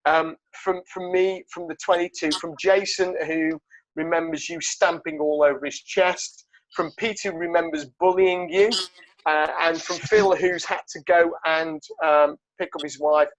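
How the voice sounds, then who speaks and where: A man's voice: a little high, moderate pace, no echo, lo-fi sound. A man with a slightly raised voice signs off his podcast in a loose, rambling way. He talks with lots of fillers. The sound is close and dry. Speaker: podcast host. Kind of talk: casual sign-off.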